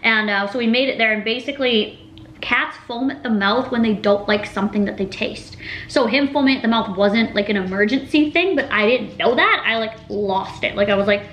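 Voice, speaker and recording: A woman's voice: on the high side, fairly quick, fairly bright tone, roomy sound, slight background noise, rough recording. A woman in her twenties chatting casually in a vlog, rambling through her stories with lots of "like" and "literally". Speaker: vlogger. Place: home room with a table.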